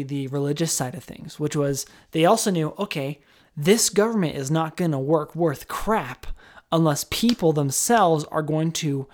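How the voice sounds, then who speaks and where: A man hosting a podcast, talking in a loose, rambling way with frequent restarts. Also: a little high. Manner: rambling, with restarts, jokey put-on voices. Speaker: podcast host. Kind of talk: casual chat.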